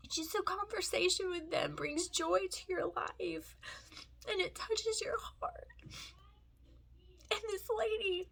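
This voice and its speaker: A woman's voice: extremely high pitch, steady tone, takes it slowly, vocal fry, fairly bright tone. A woman in her thirties telling a heartfelt story to her vlog viewers while crying, rambling emotionally and talking straight to them. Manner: emotional, rambling, addresses viewers as "you guys". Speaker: family vlogger.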